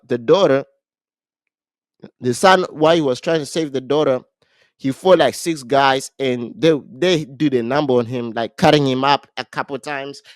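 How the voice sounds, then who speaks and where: A man co-hosting a casual podcast, retelling a movie plot in an animated way, with frequent restarts. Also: on the high side, dry recording, studio quality. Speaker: podcast co-host.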